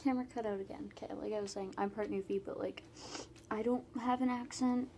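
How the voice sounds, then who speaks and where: A woman's voice: mid-range voice, steady tone, fairly quick, a little mellow, a little hiss or hum. A teenage girl from Canada, chatting casually in a Q&A vlog with many "like"s and trailing asides. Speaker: vlogger.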